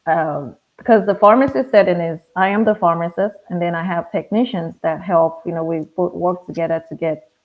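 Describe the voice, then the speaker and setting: A woman with a Nigerian accent, a pharmacist telling stories in a relaxed, wry interview manner, often acting out other people's lines. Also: lowish voice, fairly quick. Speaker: guest, pharmacist. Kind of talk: conversational interview storytelling. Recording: tinny, phone-like audio.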